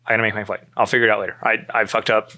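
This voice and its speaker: Animated man telling a story. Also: fairly low pitch, very fast, no echo. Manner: animated, swears freely, acts out both sides of dialogue. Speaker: podcast guest. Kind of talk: casual storytelling.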